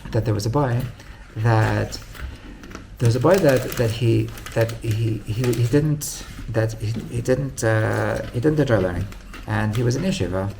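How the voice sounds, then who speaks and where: A man's voice: medium pitch, a little slow, gravelly, noisy background. A man, a rabbi, telling a story in a casual, rambling way with many restarts. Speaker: rabbi teaching.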